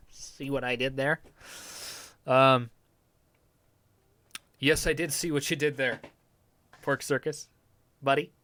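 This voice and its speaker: A man's voice: mid-range voice, steady tone, takes it slowly, pauses often, pushed and bright. A young man chatting casually on a live stream from his home basement, rambling and swearing often in a laid-back way.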